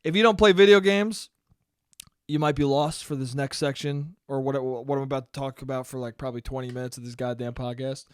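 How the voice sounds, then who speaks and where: A man's voice: medium pitch, steady tone, a little fast, smooth, dry recording, clean studio sound. A young man ranting casually and profanely on his own podcast, rambling and joking. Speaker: podcast host. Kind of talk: solo casual podcast rant.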